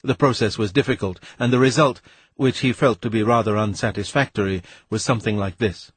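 A man reading a novel aloud in measured, even scripted narration. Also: fairly low pitch, slightly rough, dry recording. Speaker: audiobook narrator.

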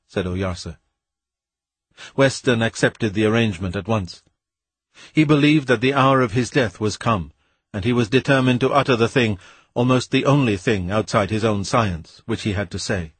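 A man reading a novel aloud in measured, even scripted narration. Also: on the low side, husky, no room sound. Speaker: audiobook narrator.

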